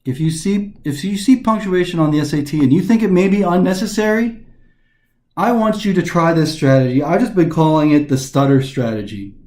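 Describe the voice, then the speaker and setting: A man with a fairly high voice talks through test questions in a recorded lesson. He restarts his sentences often as he explains. The room around him rings with echo. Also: a little fast, mellow. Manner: explanatory, frequent restarts and fillers. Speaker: test prep instructor.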